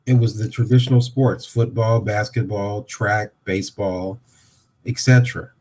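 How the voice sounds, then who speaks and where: Animated older man telling a story. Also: on the low side, normal speed. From Dayton, Ohio. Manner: animated storyteller acting out dialogue. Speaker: guest. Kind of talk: storytelling in a podcast chat.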